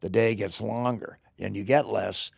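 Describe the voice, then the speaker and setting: Gravelly older man telling stories. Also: on the low side, moderate pace, no room sound, clean studio sound. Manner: animated, rambling storyteller. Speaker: actor guest. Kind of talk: casual interview chat.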